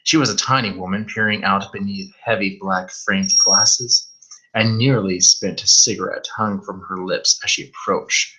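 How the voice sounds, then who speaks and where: Bright-voiced man reading horror aloud. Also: on the low side, fairly even intonation, measured pace, rough recording. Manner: stumbles over words, swears in asides. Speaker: horror story reader. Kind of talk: live horror story reading with asides.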